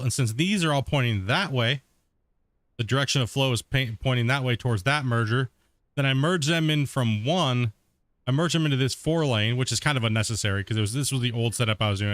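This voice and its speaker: A man's voice: mid-range voice, a little fast, no echo. Laid-back man streaming a game. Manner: relaxed, rambling, laughs often. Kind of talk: casual live-stream commentary.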